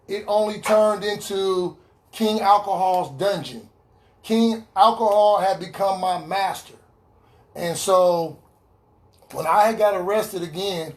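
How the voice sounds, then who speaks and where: A man giving an earnest personal testimony in an online recovery meeting, repeating key lines for emphasis over a video call. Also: sits high. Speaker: recovery speaker sharing his story.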